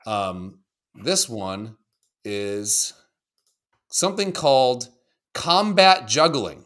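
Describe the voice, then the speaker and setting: A man talks loosely as a podcast co-host, his voice bright and edged, swinging widely up and down in pitch. He swears freely and rambles from thought to thought with excitable energy. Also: very slow. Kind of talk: casual chat reacting to videos.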